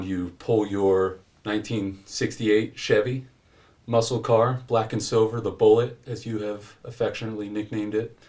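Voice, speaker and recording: Brief: low-voiced male game master, casual scene-setting narration. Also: a little mellow. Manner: loose, filler-heavy narration.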